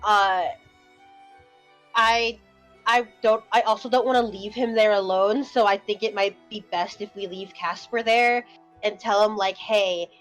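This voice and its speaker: A woman's voice: medium pitch, fairly even intonation, unhurried, soft background music. Inquisitive woman player. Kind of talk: casual chat in a tabletop game.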